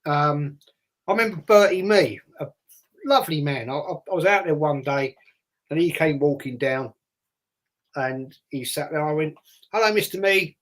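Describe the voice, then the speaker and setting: This host, an older man from London, speaks at a normal speed in a somewhat high voice, leaving long pauses. He's running a casual chat full of meandering childhood tales, acting out characters' voices along the way.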